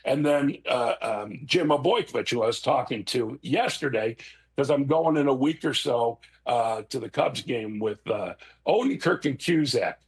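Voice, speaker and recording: Emotional, animated middle-aged man. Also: medium pitch, moderate pace, breathy edge. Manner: emotional, expressive, tearful at times. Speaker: guest. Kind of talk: casual chat.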